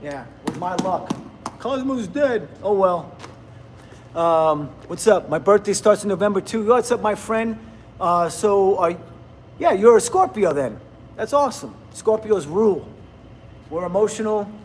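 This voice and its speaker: High-voiced blunt man in his fifties. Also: expressive, unhurried, a little hiss or hum. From New Jersey, USA. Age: 50s. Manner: rambling and blunt, laughs often. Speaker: livestream host. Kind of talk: casual livestream chat with viewers.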